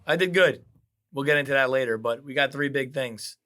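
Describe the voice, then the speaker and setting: A hoarse man co-hosting a casual sports betting podcast, sarcastic and teasing, with rambling restarts. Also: medium pitch, fairly quick, fairly bright tone. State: hoarse, lost his voice. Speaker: podcast co-host.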